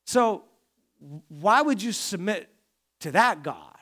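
A man pastor preaching a conversational sermon, swinging from quiet to loud and acting out complaining voices. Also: high voice, lively intonation, slow. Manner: conversational preaching, rising and falling in volume, acts out complaining voices.

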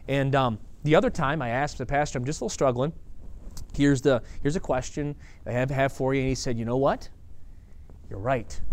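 A man giving a conference teaching talk, telling stories with lively quoted dialogue and frequent restarts. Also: a little high. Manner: animated storytelling with quoted dialogue. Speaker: church staff leader.

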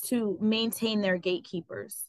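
A woman telling her story as an interview guest, animated and full of fillers like "like" and "um". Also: medium pitch, a little slow, no echo, low-quality recording. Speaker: guest, travel business owner. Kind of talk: casual interview.

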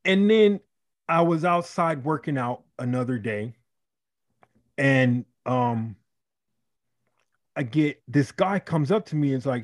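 A married man from Chicago telling a story in a casual podcast chat, animated and profane, acting out the people in it. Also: on the high side, slow, pauses often. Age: adult, married. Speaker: podcast co-host.

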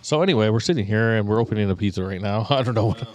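Brief: male podcast host, relaxed, chatty, quick to laugh, casual swearing. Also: fairly low pitch, background noise. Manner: laid-back, laughs often, swears casually. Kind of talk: casual chat. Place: small home studio.

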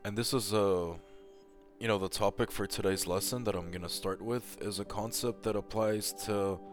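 A man's voice: lowish voice, fairly even intonation, moderate pace, faint music behind. A man giving a casual, heated rant with lots of swearing and emphatic repetition, as a tennis commentator.

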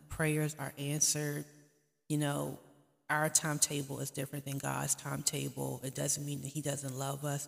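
A woman vlog host speaks earnestly and pleadingly to camera, offering faith-driven encouragement in a casual, heartfelt talk. Her voice is low-pitched with vocal fry, and the room is echoey with a long reverb.

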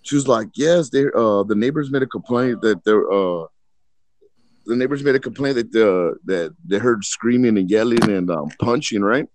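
A fairly low, slightly mellow male voice moves at a moderate clip as this podcast co-host rambles through a lengthy anecdote. He's casual and profane, slipping into impressions of the people involved.

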